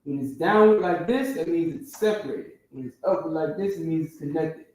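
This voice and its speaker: A man's voice: fairly high pitch, a little fast, a little mellow. A man teaching a class in a classroom, often stopping to check that his listeners follow. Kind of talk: classroom lecture. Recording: very echoey room, distant from the mic.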